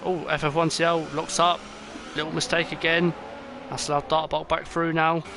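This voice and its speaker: A young man commentating an online racing game, excitable and rambling with many fillers, and tired. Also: fairly high pitch, normal speed. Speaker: race commentator. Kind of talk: esports race commentary. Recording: noisy, with game car sounds behind.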